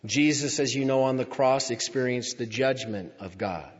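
A man preaching a sermon, reading scripture aloud and explaining it in a slow, deliberate way, stretching out key words for emphasis. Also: mid-range voice. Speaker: pastor. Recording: dull sound with long hall reverb.

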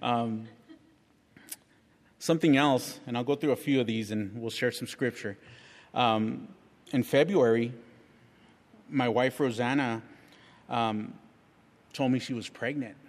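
A middle-aged man shares a personal testimony before a church gathering, speaking frankly and poking fun at himself. He talks in a chatty, loose way, often restarting his sentences, at a mid pitch. His voice carries a long reverb from a large hall. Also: fairly even intonation, a little slow, pauses often. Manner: frank and self-mocking, chatty with lots of restarts. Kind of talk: candid personal testimony, casual storytelling.

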